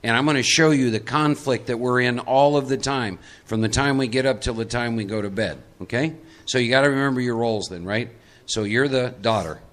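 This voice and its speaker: A man leads a live workshop in a meeting room. His voice is bright and forward. He talks conversationally and coaxes audience volunteers into acting out roles. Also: medium pitch, a little fast, hardly any pauses. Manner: conversational, coaxing volunteers into role-play. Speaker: recovery workshop speaker.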